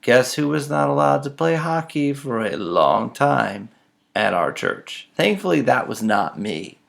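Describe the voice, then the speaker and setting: Man, gravelly voice, casual self-mocking storyteller with a flair for drama. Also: mid-range voice, very animated, a little slow.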